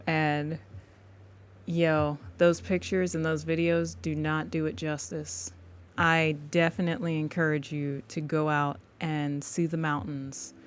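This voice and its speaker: A woman's voice: low-pitched, a little hiss or hum. A woman artist on a live stream, chatting casually with her viewers, laid-back and laughing often.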